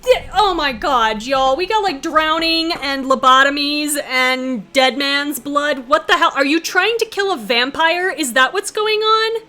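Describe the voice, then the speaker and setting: A woman streamer reacting casually to a visual novel, loud and exclaiming, with swearing and laughter. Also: high-pitched, a little slow, hardly any pauses.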